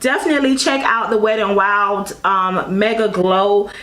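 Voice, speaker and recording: A woman's voice: mid-range voice, fairly even intonation, moderate pace, fairly bright tone. A woman reviewing makeup in a casual, effusive way, calling her viewers girl and honey and often apologizing in rambling asides. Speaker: beauty vlogger. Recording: echoey room.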